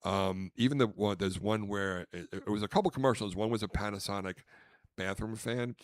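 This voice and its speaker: Animated man telling stories, dry sound. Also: fairly low pitch, moderate pace, no room sound. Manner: animated, acts out quotes loudly. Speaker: podcast co-host, comedian. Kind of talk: casual storytelling.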